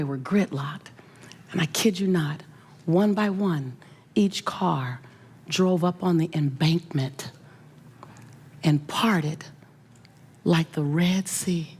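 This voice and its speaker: A middle-aged woman, a motivational speaker, telling an emotional personal story with animated, emphatic delivery and repeated phrases. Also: on the low side, takes it slowly, long pauses, slightly rough.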